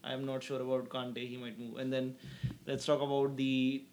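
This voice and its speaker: A young man co-hosting a casual football chat, opinionated and quick to laugh. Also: mid-range voice, little pitch movement, darkish tone, a little hiss or hum. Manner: chatty, opinionated, laughs often. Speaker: co-host.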